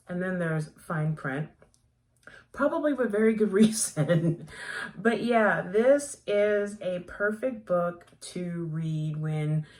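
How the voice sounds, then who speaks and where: A gushing, chatty woman who reviews books and breaks into easy laughter. Her voice sits a little low for a woman. She talks in loose, rambling asides. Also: expressive, takes it slowly, a little mellow. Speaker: book reviewer. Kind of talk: casual book review chat.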